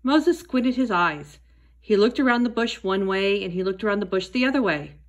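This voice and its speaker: A woman teaching a Sunday school lesson, telling a Bible story to children in a gentle storytelling way. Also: mid-range voice, lively intonation, normal speed, highs cut off.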